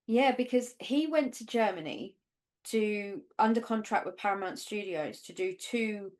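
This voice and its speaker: A woman's voice: medium pitch, unhurried. A woman co-hosting a podcast from the north of England, chatting casually and rambling with many fillers. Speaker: podcast co-host. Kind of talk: casual chat.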